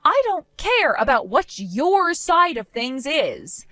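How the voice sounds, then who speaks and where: A woman narrating her own dramatic story, speaking in a cold, indignant and forceful way. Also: high voice, very animated, takes it slowly, no echo, studio quality. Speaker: narrator of a first-person story.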